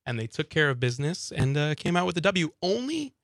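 This studio radio co-host speaks fairly quickly in a slightly high, sing-song voice, recorded dry. He's a chatty storyteller in casual conversation, laughing frequently and acting out what he was thinking.

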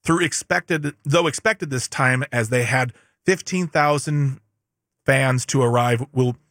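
A man's voice: medium pitch, a little slow, fairly bright tone, no echo, studio quality. A man co-hosting a podcast, reading news headlines aloud in casual chat and breaking off for joking asides and stumbles. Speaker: podcast co-host.

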